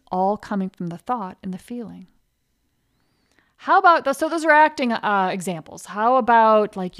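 A woman hosting a podcast, coaching listeners in a casual way and acting out inner thoughts in little quoted voices. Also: medium pitch. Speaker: podcast host and career coach.

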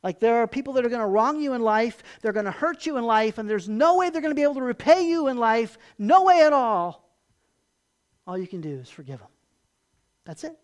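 A pastor preaching a sermon. The pastor reads scripture aloud with rising emphasis, explains it in a conversational way, asks rhetorical questions, and often ends a point in a low, quiet voice. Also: lively intonation, fairly quick.

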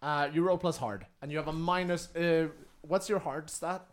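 Higher-pitched man, chatty tabletop game master. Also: fairly even intonation, normal speed. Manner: chatty, laughs, lots of fillers.

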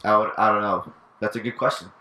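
Guy hosting a chill podcast, bright voice, kinda roomy sound. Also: lowish voice, brisk. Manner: relaxed, leads the topic, swears casually. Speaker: podcast host. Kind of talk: casual chat.

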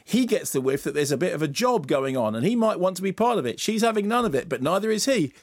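A man reviewing films on a radio show, telling the plot in an animated, wandering way from a studio microphone. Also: sits high, quick pace, dry recording. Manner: animated, tangential, slips into comic voices. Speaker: film critic. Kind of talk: radio film review chat.

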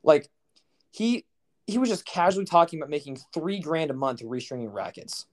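A man's voice: fairly high pitch, sing-song, moderate pace. A young man co-hosting a podcast, telling stories in a rambling, profane, incredulous way. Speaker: podcast co-host. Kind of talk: casual chat.

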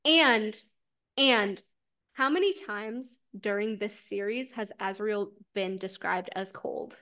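A woman co-hosting a casual book podcast, animated, acting out characters' lines with frequent laughs and swearing. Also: mid-range voice, takes it slowly. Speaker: podcast co-host.

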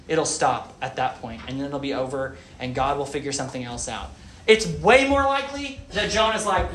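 A man preaching a sermon in an animated way, asking the audience questions. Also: on the high side, a little fast, a little hiss or hum. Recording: echoey room.

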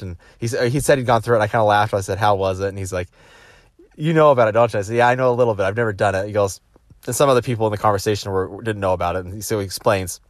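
Man, executive type, low voice, dry close sound, animated storyteller who mimics the people he quotes. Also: dry recording. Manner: animated, acts out quoted voices, frequent restarts. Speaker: business executive giving a motivational talk. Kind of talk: casual motivational storytelling.

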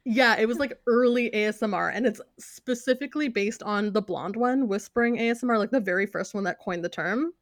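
A woman's voice: on the high side, fairly quick, hardly any pauses, no echo. Chatty woman in a dry close recording. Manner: chatty, lots of filler "like"s, laughs often. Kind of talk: casual chat.

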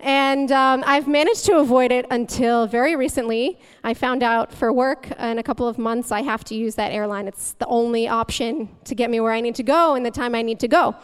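A young woman delivers a relaxed, chatty sermon as a guest speaker, her voice high and smooth. She keeps things light and humorous, laughing easily between points. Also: brisk, hardly any pauses. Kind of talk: conversational sermon.

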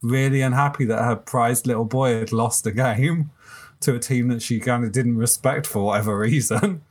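A man from the UK co-hosting a podcast, telling a story with lively acted-out quotes. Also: medium pitch, moderate pace. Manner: animated storyteller, acts out quotes. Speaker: podcast co-host. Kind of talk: casual chat.

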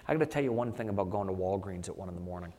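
A man's voice: low voice, rapid-fire, a little hiss or hum. Storytelling male author, reverberant hall. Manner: animated anecdotes, frequent "you know" fillers. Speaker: author guest. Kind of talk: conversational storytelling.

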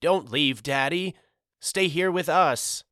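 A man's voice: a little high, slow, sharp tone, no echo, clean studio sound, pitched above the performer's own voice. A man voicing a small, clingy young boy who pleads tearfully in a storybook reading. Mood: tearful pleading. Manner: pleading, wailing.

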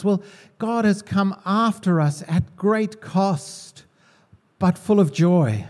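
A man's voice: sits high, animated, slow, darkish tone. A man preaching a sermon in a conversational way, asking the congregation questions.

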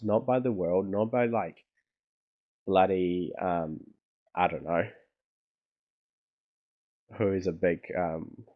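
A young man hosts a casual solo podcast, rambling through his thoughts with many fillers and restarts. His voice is low-pitched and a little mellow, captured on a dull lo-fi recording.

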